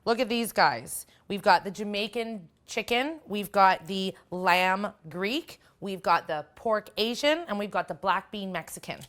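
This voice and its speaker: A woman's voice: mid-range voice, a little slow, hardly any pauses, a bit bright. A woman hosting a cooking show, chatting in an upbeat way as she works through a recipe. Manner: chatty, upbeat, talks while working. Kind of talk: casual cooking demonstration.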